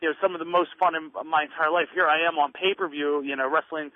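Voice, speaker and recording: A man's voice: fairly high pitch, steady tone, fast talker, no room sound. A man in his thirties from the Northeastern US, a wrestler telling stories as a guest, full of fillers and acted-out quotes. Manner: rambling storyteller, many fillers, acts out quotes. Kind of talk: casual phone interview. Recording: muffled dry lo-fi radio audio.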